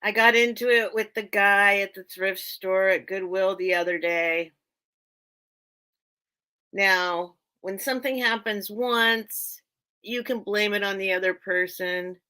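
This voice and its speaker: A woman's voice: mid-range voice, takes it slowly, bright, forceful tone, clean tone. Chatty, rambling woman hosting a live sale. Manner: rambling, chatty, laughs often, loses train of thought. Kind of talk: casual live-stream chat.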